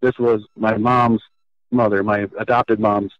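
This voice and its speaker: A man with a low voice tells a personal story in an interview, earnest and halting, often stopping to rephrase. The recording is dull and slightly lo-fi, with a dry, close sound. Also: flat delivery, dry recording. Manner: earnest and halting, with frequent restarts. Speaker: guest.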